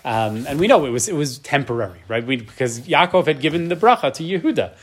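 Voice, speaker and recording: A man's voice: on the high side, lively intonation, fast talker, breathy edge. A man teaching a Torah class in a conversational way, often checking in with "right?" and building to emotional emphasis. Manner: conversational, tags many points with "right?". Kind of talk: lecture class.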